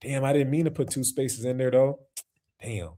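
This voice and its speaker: A man's voice: mid-range voice, normal speed, warm tone. Laid-back slangy man reacting to videos. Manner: loose, slangy, laughs often, many fillers. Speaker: streamer reacting to clips. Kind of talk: casual reaction stream chat.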